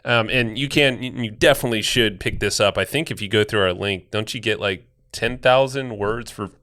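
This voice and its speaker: A man's voice: lowish voice, a little fast, sharp tone. A man co-hosting a podcast in casual chat, rambling loosely with restarts and fillers. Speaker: podcast co-host.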